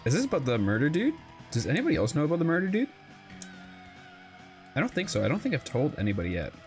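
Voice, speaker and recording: A man's voice: on the high side, huge pitch swings, quick pace, faint music behind. A man commentating his own video game play, exclaiming often and apologizing for how badly he plays. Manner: exclaiming, self-deprecating, apologetic. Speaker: gaming video host.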